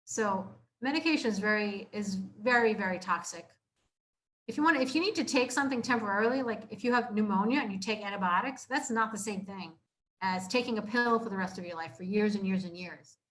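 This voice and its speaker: A young adult woman chiropractor giving an informal health talk to a live audience, casual and earnest, repeating herself and filling pauses with "like" and "you know.". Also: mid-range voice, a bit bright, slight background noise. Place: community room, live audience.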